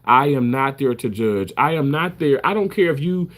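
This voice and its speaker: A man's voice: medium pitch, expressive, moderate pace. A man who works as a surgical first assist, talking casually to the camera in an emphatic way, repeating himself and swearing freely.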